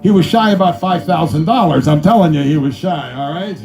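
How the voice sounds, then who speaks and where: A man's voice: brisk, a little mellow, soft background music. Man telling accountant jokes in an echoey room. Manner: punchy, sells punchlines with 'ba-boom', acts out clients in high voices. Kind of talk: stand-up joke telling. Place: small room with a live audience. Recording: echoey room, mic at a distance.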